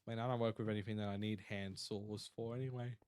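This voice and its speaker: A man's voice: on the low side, steady tone, quick pace, darkish tone, clean tone, dry recording, clean studio sound. A tired Australian man chatting casually on a live stream, rambling and reading out chat messages. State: tired, yawning.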